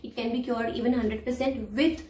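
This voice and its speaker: A woman's voice: a little high, fairly even intonation, normal speed, a little mellow, reverberant, distant mic. A woman speech therapist, giving earnest advice to parents and repeating phrases for emphasis. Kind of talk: advice talk to camera.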